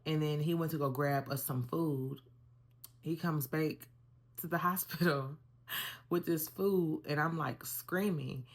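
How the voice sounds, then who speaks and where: A young woman vlogger telling a personal story in a casual, animated way, talking straight to her viewers. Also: low-pitched, slow pace. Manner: animated, conversational, addresses viewers as y'all.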